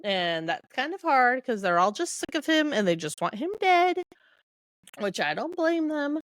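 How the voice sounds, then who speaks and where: A woman's voice: high-pitched, very animated, moderate pace, dry recording, studio quality. A woman hosting a podcast, chatting casually through a book recap and laughing as she summarizes. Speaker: podcast host.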